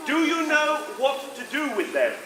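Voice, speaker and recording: A man's voice: very high-pitched, wildly swooping pitch, normal speed. A man performing live comedy, coaxing audience volunteers on stage in a playful, theatrical manner. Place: large indoor sports hall with a live audience. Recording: echoey hall, crowd and noise behind.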